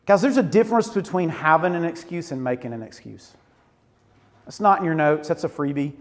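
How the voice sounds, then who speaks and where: A man, preaching a sermon to students in an animated storytelling way. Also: on the high side, brisk. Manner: animated storytelling with Southern "y'all". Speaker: youth pastor. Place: church auditorium. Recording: reverberant hall.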